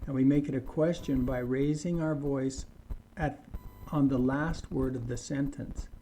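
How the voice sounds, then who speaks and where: A man teaching English at a very slow, careful pace. His voice is dark and mellow as he lays out example sentences one at a time and explains the grammar between them. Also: mid-range voice, fairly even intonation, slight background noise. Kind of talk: slow scripted grammar lesson.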